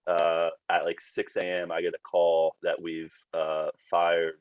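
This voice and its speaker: A man's voice: low-pitched, monotone, a little slow, smooth, no room sound, muffled recording. A man, a former team PR staffer, telling casual stories as a podcast guest and laughing through them. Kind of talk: casual storytelling chat.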